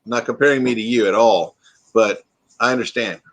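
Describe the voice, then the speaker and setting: A man hosts a relaxed live stream, talking in a loose, rambling way as he greets viewers and reacts to their comments. His voice sits at an ordinary middle pitch. He sounds like he only just woke up. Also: brisk. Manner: chatty, reads viewer comments aloud and answers them. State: groggy, freshly woken. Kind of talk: casual live stream chat.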